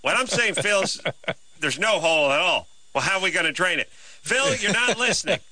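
A man's voice: sits high, lively intonation, normal speed, sharp tone, no echo, pitched above the performer's own voice, exaggerated voice. A man doing a whiny, exasperated guy. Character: exasperated man arguing with a coworker.

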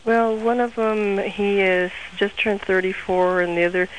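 Flat, hesitant young woman caller. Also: medium pitch, a little slow, slight background noise, low-quality recording. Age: 20s. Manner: flat, hesitant and soft-spoken. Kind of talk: call-in radio chat.

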